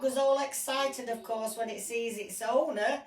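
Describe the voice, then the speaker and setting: A woman narrating a toy courtroom game in an animated, playful way. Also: fairly high pitch, unhurried, recorded from a distance. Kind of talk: storytelling play with toys. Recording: roomy and from off the mic, faint ambience.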